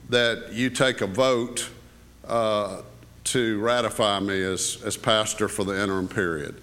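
A man's voice: mid-range voice, a bit bright. An older male pastor delivers a sermon in a church. His delivery is folksy and conversational, full of asides and fillers. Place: church sanctuary.

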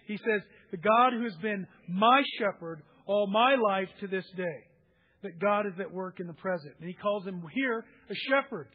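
A middle-aged man preaching a sermon, animated, swinging between hushed and loud delivery. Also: high-pitched. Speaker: pastor. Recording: tinny phone-like sound.

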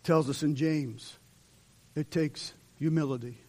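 A man's voice: a little high, unhurried. A male pastor preaching an impassioned sermon in a church, voicing dramatic quotes as he leads into an altar call. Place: church sanctuary.

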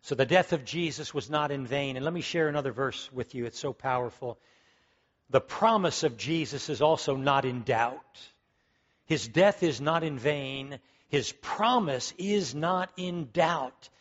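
A man's voice: medium pitch, a little slow, muffled recording. A man preaching a sermon, emphatic and fervent, repeating key words as he builds to strong peaks. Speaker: pastor.

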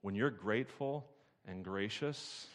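A man preaching a sermon as a pastor, praying and telling a lively story in which he acts out the people in it. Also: lowish voice, measured pace. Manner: animated storyteller who acts out characters.

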